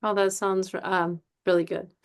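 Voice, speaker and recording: A woman's voice: medium pitch, level tone, a little slow, clean tone. A woman hosting a casual podcast conversation, an affirming listener who keeps saying mm-hmm and sums up what her guest says. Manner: affirming listener, frequent mm-hmms. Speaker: podcast host.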